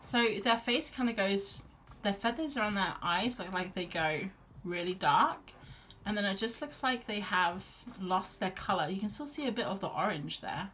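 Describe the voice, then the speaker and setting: A woman's voice: medium pitch, animated, moderate pace, pushed and bright, a little hiss or hum. A woman hosting a casual live painting chat, chatty and self-deprecating, laughing often. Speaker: art livestream host.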